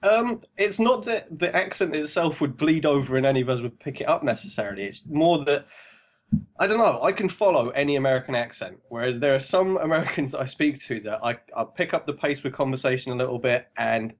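An English man chatting casually on a podcast, his pitch right in the ordinary middle range for a man. He rambles along at an easy pace and now and then laughs as he talks. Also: fairly quick. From England. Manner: relaxed, rambling, laughs while talking. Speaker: podcast guest. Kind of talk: casual chat.

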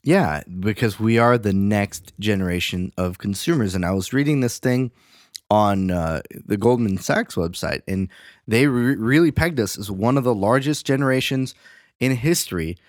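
A young male host who talks in long, rambling runs, swearing often. His low voice swings widely in pitch. The sound is dry and close. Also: moderate pace, no echo. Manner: rambling, profane, animated. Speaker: podcast host. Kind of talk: casual chat.

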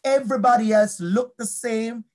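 Woman, kinda high voice, teacher telling her story at a conference talk, lively, speeds up and slows down. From Jamaica. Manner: animated storytelling with shifting pace. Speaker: educator.

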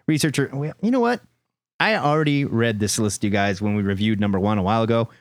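A man's voice: on the low side, expressive, fast talker, no echo, studio quality. A man co-hosting a comic book podcast, chatting with enthusiasm and hyping his picks. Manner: enthusiastic, hyped announcer bursts. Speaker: podcast co-host.

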